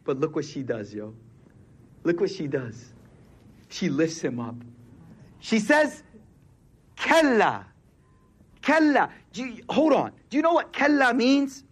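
A man with a high, breathy-edged voice preaches a sermon in a casual, street-slang style, leaning on repeated key phrases for emphasis. His delivery is expressive and unhurried, broken by long pauses.

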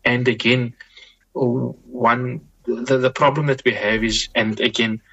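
A man appears as a guest Islamic scholar, offering reflective advice in a measured manner while frequently repeating and restarting phrases and dropping in religious expressions. His mid-range voice is level, creaky, fairly bright and breathy-edged. The recording has its highs cut off.

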